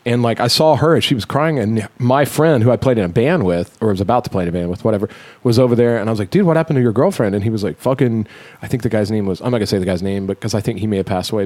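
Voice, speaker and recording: A young adult man hosting a podcast, telling an animated, profanity-heavy story in casual chat. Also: medium pitch. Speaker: podcast host.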